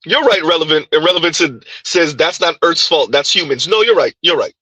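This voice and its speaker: A man hosting his own commentary channel, talking in an animated, emphatic way and repeating his points as he reacts to a clip. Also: on the high side, brisk, husky, dry recording, poor audio.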